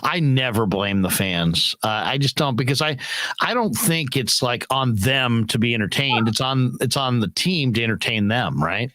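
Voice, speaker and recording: A man's voice: medium pitch, lively intonation, normal speed, bright, forceful tone, no room sound. A middle-aged man hosting a casual sports talk show, telling rambling stories with lots of restarts. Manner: rambling storyteller with many restarts. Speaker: podcast host.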